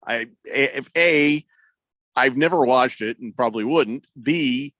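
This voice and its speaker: A man's voice: medium pitch, slow, fairly bright tone, dry recording. A man hosting a radio show, reading listener messages aloud and teasing his co-hosts in casual banter. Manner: teasing, dry joking.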